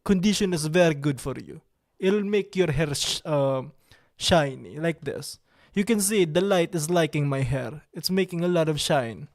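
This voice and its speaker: A man hosting a livestream, chatting with viewers in a playful, vain, mock-serious way. His phrasing is halting and broken, and he drops in occasional French words. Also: fairly high pitch, a little mellow. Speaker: livestream host. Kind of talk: casual livestream chat with viewers.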